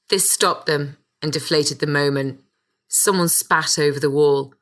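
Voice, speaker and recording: A woman's voice: sits low, fairly even intonation, measured pace, a bit bright. A woman reading a first-person audiobook with a wry, sardonic storytelling manner. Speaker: audiobook narrator.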